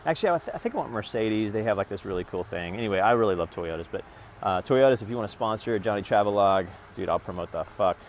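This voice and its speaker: A man's voice: fairly low pitch, expressive, fast, slight background noise. A man rambling and swearing in a casual vlog, talking to his phone camera from a parked vehicle. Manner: rambling, profane, talks to camera in bursts. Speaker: vlogger.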